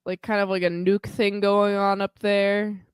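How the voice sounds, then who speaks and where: A woman's voice: medium pitch, flat delivery, moderate pace, smooth, no echo. A woman co-hosting a podcast in casual chat, rambling and hedging with lots of filler words. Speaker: podcast co-host.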